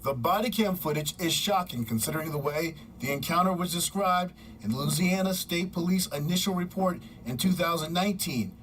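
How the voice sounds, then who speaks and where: Man reading a news report, slightly high. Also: a bit bright, far from the mic, slight background noise, rough recording. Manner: measured, formal delivery. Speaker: news correspondent.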